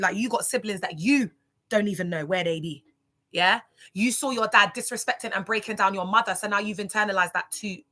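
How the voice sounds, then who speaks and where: A woman chatting casually on a livestream, animated and chatty, reacting to viewer comments. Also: mid-range voice.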